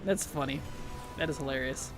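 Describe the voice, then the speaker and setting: A man streaming a video game, chatting in a playful, giggly and animated way. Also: mid-range voice, normal speed, faint music behind. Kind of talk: casual gaming stream chat.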